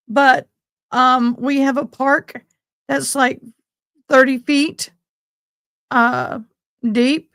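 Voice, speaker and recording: A woman's voice: high voice, steady tone, very slow, long pauses, a bit bright, no room sound. A woman hosting a live stream, shaken and tearful as she talks to her viewers. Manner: shaken and tearful, keeps addressing viewers as y'all. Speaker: livestream host. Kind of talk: emotional live commentary.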